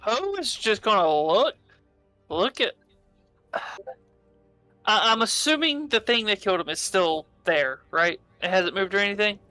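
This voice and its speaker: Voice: medium pitch, expressive, unhurried, pauses often, pushed and bright, no room sound, faint music behind. A player in a tabletop game, declaring actions plainly and matter-of-factly. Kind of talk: casual tabletop game play.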